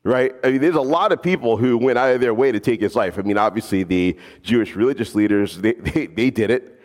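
A man preaching a sermon as a pastor, animated and casual, slipping in jokes. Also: medium pitch, fairly quick, long reverb tail.

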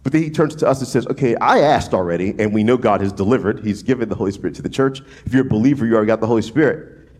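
A man from New Orleans preaching a sermon in a casual, animated way, often restarting phrases and checking in with "right?". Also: lowish voice, very fast. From New Orleans, USA. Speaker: pastor.

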